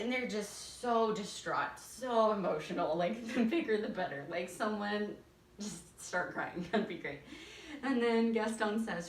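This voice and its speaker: A woman's voice: medium pitch, lively intonation, normal speed, slight background noise. A woman theater teacher giving casual, enthusiastic stage directions, laughing often. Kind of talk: casual instructional talk. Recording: roomy echo, distant from mic.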